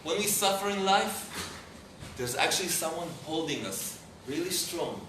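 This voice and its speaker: A man's voice: on the high side, animated, normal speed. A man, a rabbi telling a story to a live audience, often searching for English words. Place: lecture hall with audience. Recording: roomy hall, far mic, background noise.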